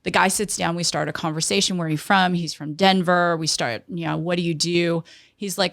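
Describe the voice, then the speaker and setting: A middle-aged woman telling an animated personal story in an interview, acting out the people she quotes. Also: lowish voice, a little fast, creaky, no room sound, clean studio sound. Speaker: guest, entrepreneur.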